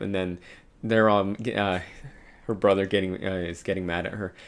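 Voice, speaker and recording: A man's voice: low voice, level tone, moderate pace. A man casually reading a comic aloud and musing over it, with light voices for the quotes. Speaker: manga reader and commentator. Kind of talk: casual read-along commentary.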